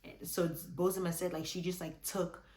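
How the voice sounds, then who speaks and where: A woman's voice: lowish voice, flat delivery, moderate pace, a little mellow, reverberant. A woman giving a chatty, opinionated recap of a reality show, full of restarts and fillers. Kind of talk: casual recap commentary.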